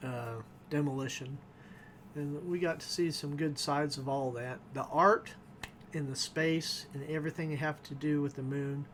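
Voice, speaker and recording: A man talks through a TV episode in a loose, rambling review and chuckles often. His voice sits a little high for a man. A faint hiss runs under the recording. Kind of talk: casual spoken review.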